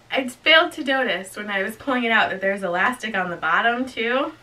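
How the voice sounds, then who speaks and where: A woman's voice: on the high side, pushed and bright, poor audio. A young woman chatting casually through a clothing unboxing and try-on, giggling often and talking to herself as she goes. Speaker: vlogger reviewing a clothing box.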